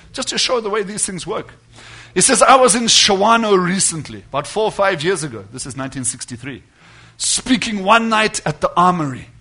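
A man preaching to his congregation in a high, bright voice. He drives his points home with loud declarations, then drops into quiet asides. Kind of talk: sermon.

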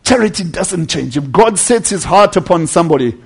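A male preacher giving a sermon, swinging between loud emphatic passages and hushed near-whispers, earnestly calling his listeners friends. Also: sits high, lively intonation, a little fast.

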